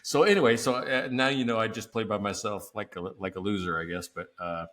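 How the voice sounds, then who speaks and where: A man's voice: lowish voice, a little fast, fairly bright tone. A man hosting a casual business podcast, telling stories animatedly and laughing often. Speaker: podcast host. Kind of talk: casual chat.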